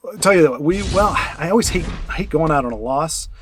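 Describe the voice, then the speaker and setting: A streamer and card game player chats casually while playing, thinking aloud in a fast, animated, slightly high voice. He restarts sentences often and leans on fillers, and there is slight background noise.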